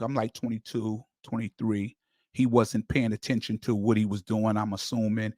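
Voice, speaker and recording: A man's voice: mid-range voice, fairly bright tone, no echo, clean studio sound. A man hosting a sports channel, talking in a casual, emphatic monologue with frequent stammering restarts and repeated words. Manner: emphatic storyteller, rising to heated emphasis. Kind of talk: casual fan commentary monologue.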